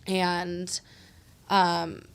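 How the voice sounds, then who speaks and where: A woman's voice: lowish voice, very slow, gravelly, clean tone. A young woman hosting a podcast, telling a personal story in casual chat, full of "like" fillers and swearing. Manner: animated storytelling, heavy "like" fillers, frequent swearing. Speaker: podcast host.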